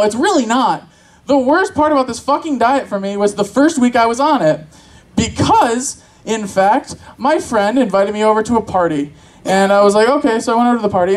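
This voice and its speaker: A man's voice: high-pitched, low-quality recording. A man doing crude, rambling, self-mocking open-mic stand-up on a convention stage. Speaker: stand-up comic. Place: convention stage with live audience.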